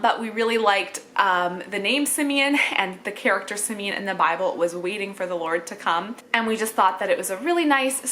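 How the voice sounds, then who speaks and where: A woman speaks in a chatty, casual way to her viewers, her voice clear and bright. She drifts through thoughts with easy fillers and a light, friendly laugh here and there, like a mom talking to camera. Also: medium pitch, a little hiss or hum. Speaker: mom vlogger.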